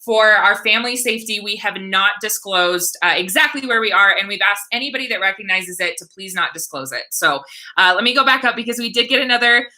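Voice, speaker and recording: A woman's voice: mid-range voice, brisk, sharp tone, low-quality recording. A woman from the United States hosting a casual livestream Q&A, chatty, thanking viewers and reading comments aloud.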